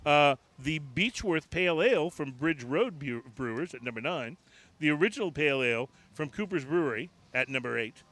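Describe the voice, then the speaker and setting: A man's voice: fairly high pitch, expressive, brisk, a bit bright. A man co-hosting a casual podcast recorded on location in a bar, rambling through a list with many fillers and restarts. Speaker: podcast co-host. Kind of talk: casual chat.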